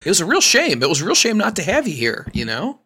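A man's voice: high-pitched, wildly swooping pitch, fast, pushed and bright, husky. A man co-hosting a podcast in casual chat, often flustered and cursing. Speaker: podcast co-host.

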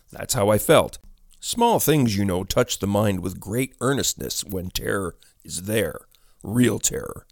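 A man reading a ghost story aloud as narrator, in measured, deliberate storytelling. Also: lowish voice, no echo, studio quality.

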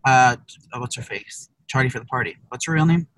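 A man co-hosting a podcast from a car spins a rambling, swear-filled story with lots of restarts in casual conversation. He talks a little fast in a mid-range, fairly bright voice, over slight background noise on a rough recording.

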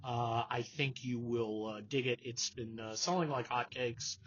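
A man's voice: mid-range voice, fairly even intonation, a little slow, fairly bright tone, breathy edge. A man hosting a casual political chat show, talking sarcastically and slipping into mocking impressions. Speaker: podcast host. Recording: dull lo-fi sound.

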